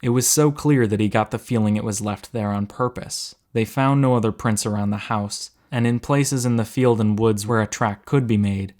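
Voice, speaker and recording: A man narrating a story aloud in a steady, measured way, slowing down for suspense. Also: lowish voice.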